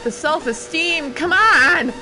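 A woman's voice: high voice, animated, slow pace, over music. A woman streaming a video game, chatting and giggling while she reads the game text aloud. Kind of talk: let's play commentary.

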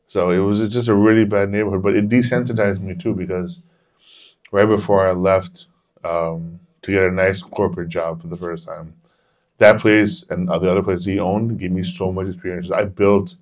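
A man's voice: low voice, a little mellow. A man co-hosting a podcast, telling a long personal story in a rambling, casual way and swearing freely. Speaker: podcast co-host. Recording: dull lo-fi podcast audio.

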